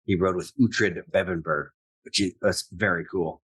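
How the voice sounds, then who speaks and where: A man co-hosting a podcast in casual chat, relaxed as he explains details from the books. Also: low voice, normal speed, slightly rough, no echo. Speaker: podcast co-host.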